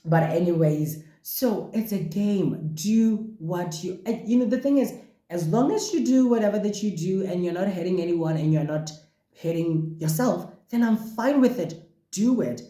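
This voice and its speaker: A man hosting a casual podcast monologue, talking in an animated, expressive way and exclaiming often. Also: high-pitched, moderate pace, echoey room. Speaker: podcast host.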